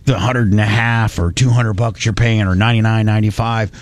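A man's voice: on the low side, steady tone, a little fast, dry recording. A man hosting a radio talk show, rambling and joking, often correcting himself mid-sentence. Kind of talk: casual talk radio with ad reads.

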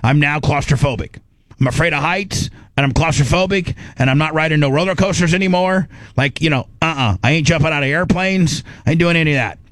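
A middle-aged man hosting a radio show, telling a rambling story in a casual, animated way on a studio microphone. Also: a little high, brisk, no room sound. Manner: animated, rambling, acts out his own inner voice.

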